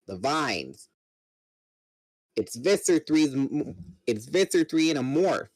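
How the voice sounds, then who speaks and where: A man's voice: fairly high pitch, big pitch swings, slow pace, no room sound, full character voice, rough recording. A man doing a formal young alien warrior. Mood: urgent.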